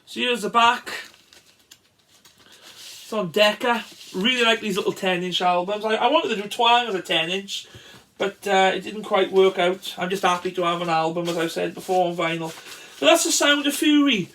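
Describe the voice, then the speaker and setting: A man casually showing records from his collection, chatty and enthusiastic, with frequent pauses and restarts. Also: sits high, fairly bright tone, a little hiss or hum. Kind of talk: casual record show-and-tell.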